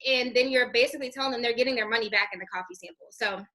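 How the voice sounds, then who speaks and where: Young woman trainer hyping up her team, super chatty, bright voice, kinda high. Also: rapid-fire. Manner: high-energy, chatty, says "girl" and "you guys" a lot. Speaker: network marketing team trainer. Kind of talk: casual training talk.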